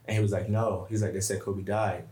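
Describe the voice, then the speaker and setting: Low-voiced guy on a podcast rambling through a story, says "like" a lot, echoey room. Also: little pitch movement, a little fast, warm tone. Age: adult with a young son. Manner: loose, repeats words, quotes friends in slang. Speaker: podcast guest. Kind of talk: casual storytelling chat.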